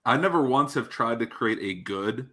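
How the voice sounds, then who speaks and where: A man's voice: medium pitch, expressive, normal speed, background noise. A man appearing as a podcast guest in casual chat, thoughtfully laying out his point of view.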